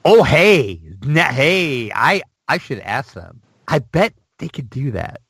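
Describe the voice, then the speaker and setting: A man's voice: medium pitch, very animated, slow pace, gravelly, a bit bright, husky, dry recording, low-quality recording. Chatty man with a dry, close sound. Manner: chatty, rambling, lots of fillers. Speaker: podcast co-host. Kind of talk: casual news chat.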